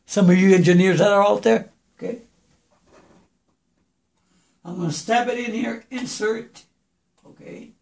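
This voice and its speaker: In an echoey room, a New Mexico producer teaches vocal recording, walking through how to stack and mix vocals in a relaxed home-studio lesson. His voice is hoarse, gravelly, fairly high, and a little mellow, and he talks unhurriedly with long pauses, chatting loosely and calling the listener "brother" again and again.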